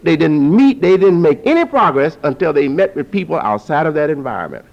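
A man preaching to an audience, who repeats phrases for emphasis and climbs to forceful peaks. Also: on the high side, brisk, creaky. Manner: lively, rising to forceful peaks. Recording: dull lo-fi recording.

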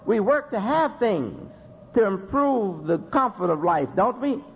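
A man's voice: high-pitched, lively intonation, a little slow, slightly rough. A man preaching a sermon, repeating phrases for emphasis and asking rhetorical questions. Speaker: Muslim preacher. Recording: dull lo-fi recording with faint noise.

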